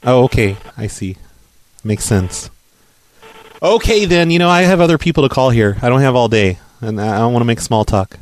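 A man making a prank phone call, talking in a pushy, deadpan, matter-of-fact way. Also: mid-range voice, normal speed. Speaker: prank caller.

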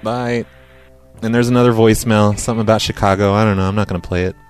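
A man's voice: on the low side, steady tone, fast talker, smooth, faint music behind. A man hosting a podcast, playing listener voicemails and answering them with dry, sarcastic asides. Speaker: podcast host. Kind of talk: casual voicemail show banter.

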